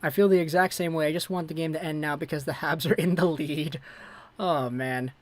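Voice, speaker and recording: A woman hosting a fan livestream, giving live play-by-play that swings between hushed worry and excited shouting. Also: low voice, fairly quick. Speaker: livestream host.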